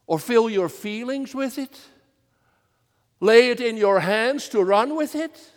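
Minister, male, earnest measured sermon, very high voice, echoing hall. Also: lively intonation. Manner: slow, earnest preaching with swells of emphasis. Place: church.

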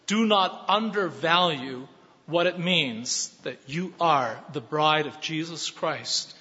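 A man preaching a sermon as pastor, earnest and building to emphatic shouts. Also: a little high, takes it slowly. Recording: dull sound with long hall reverb.

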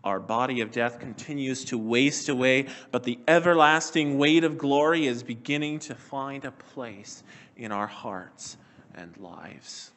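Man, mid-pitched voice, preaching a sermon; measured delivery that slows and softens on key words. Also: a little hiss or hum.

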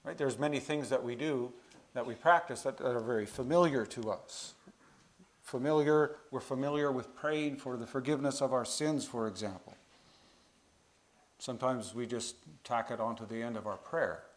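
A man preaching a sermon to a congregation, earnest, building to louder emphasis on key phrases. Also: medium pitch, normal speed.

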